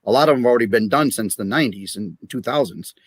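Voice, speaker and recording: A man's voice: mid-range voice, animated, fast, husky, no room sound, clean studio sound. A man chatting on a video call as a record collector, rambling and indignant about prices. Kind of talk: casual video-call chat.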